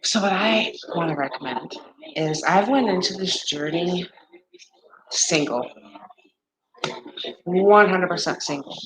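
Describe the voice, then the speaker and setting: A woman in her forties or fifties chatting casually on a livestream, candid and blunt, swearing freely, talking straight to her viewers and acting out friends in high, exaggerated voices. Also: takes it slowly, pauses often, poor audio. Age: 40s to 50s. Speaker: livestream host.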